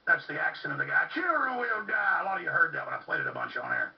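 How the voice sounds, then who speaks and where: A talk radio host with a medium-pitched voice races through a fervent, ranting monologue, his pitch swinging hugely and his voice showing vocal fry. He repeats himself urgently. The recording is muffled, distant and lo-fi.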